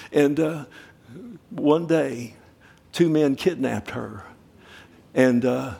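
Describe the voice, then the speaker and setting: A man's voice: mid-range voice, vocal fry, a little mellow. A middle-aged male pastor preaching a sermon, telling stories with rising urgency and asking the congregation direct questions.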